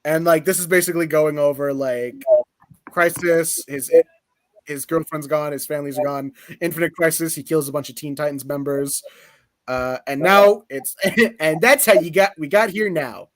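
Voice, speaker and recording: A man's voice: a little high, moderate pace, no echo. Laughing, rambling man recapping comics. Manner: rambling, laughing, full of fillers. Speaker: podcast co-host recapping comics. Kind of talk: casual chat.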